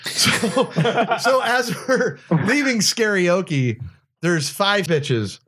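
Animated, profane man telling a story. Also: fairly high pitch. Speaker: podcast host. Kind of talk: casual storytelling chat.

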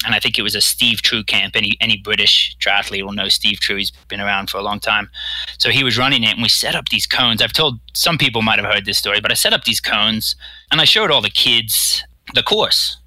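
Bright rambling man from Bermuda. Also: fairly low pitch, fairly quick, no echo, poor audio. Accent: American-tinged. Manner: rambling, repeats words, acts out quotes. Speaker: guest, professional triathlete. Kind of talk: casual storytelling interview.

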